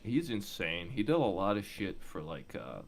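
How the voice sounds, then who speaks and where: A man's voice: low-pitched, very animated, moderate pace. A man in casual chat, rambling and profane.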